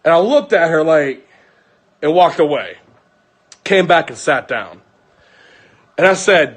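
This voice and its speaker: A young man venting to his viewers in an angry, profane, unscripted rant that comes in rapid bursts. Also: a little high, animated, husky.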